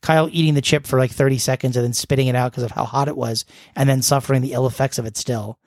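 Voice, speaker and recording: A man's voice: mid-range voice, steady tone, fast, darkish tone, no echo, clean studio sound. A young man co-hosting a podcast, joking and rambling through the show info. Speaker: podcast co-host. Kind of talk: casual chat.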